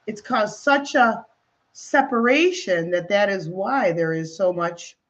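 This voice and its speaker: A woman spiritual healer giving a talk and leading a guided breathing meditation. She speaks gently and soothingly, with frequent fillers. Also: medium pitch, slow. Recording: slightly dull, muffled audio.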